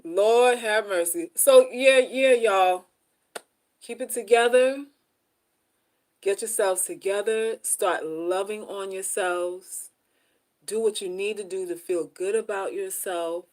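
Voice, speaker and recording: On a casual livestream, a woman gives relationship advice, speaking directly to viewers and repeating herself. She talks slowly with fairly even intonation, slipping into soft asides before bursting out loud and high.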